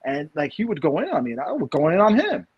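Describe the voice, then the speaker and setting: Husky man ranting on a podcast. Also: fairly high pitch, huge pitch swings, fast, highs cut off. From New York. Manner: rambling, restarts and repeats, emphatic bursts. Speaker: podcast co-host. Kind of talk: casual opinion chat.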